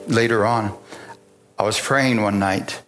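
A man's voice: on the low side, steady tone, slow. A man preaching a sermon, telling a personal story in a folksy way and asking the congregation for agreement. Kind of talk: sermon testimony. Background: guitar music.

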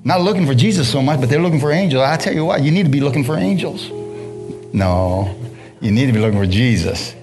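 Casual preacher with guitar behind. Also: male voice, mid-range voice, animated, quick pace. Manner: reads scripture then riffs casually, asking the congregation questions; slangy, playful asides. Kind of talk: sermon.

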